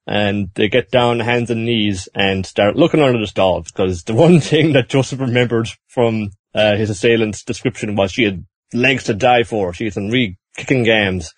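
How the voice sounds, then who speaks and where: A man's voice: on the low side, moderate pace, slightly rough, no echo. Guy on a podcast retelling an anime ep, goofy voices, lots of ums, dry mic. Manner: animated recap, putting on silly voices for characters. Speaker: podcast host recapping an anime episode. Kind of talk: casual chat.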